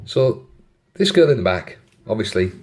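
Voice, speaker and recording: A man's voice: fairly low pitch, big pitch swings, moderate pace, darkish tone. A man casually telling a funny anecdote, often chuckling and adding apologetic asides. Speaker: storyteller.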